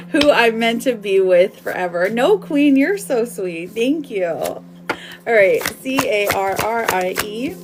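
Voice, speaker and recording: A woman's voice: fairly high pitch, lively intonation, takes it slowly, over music. A woman doing a live tarot reading for viewers, bubbly and affectionate, chatting loosely with lots of fillers and laughs. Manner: affectionate, calls viewers girl and my love. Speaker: tarot reader.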